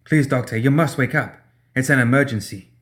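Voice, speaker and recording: A man reading the part of a ruthless female gang enforcer who speaks quietly, coldly and with firm determination. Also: medium pitch, fairly quick, voice pushed up, close to an everyday voice. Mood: urgent.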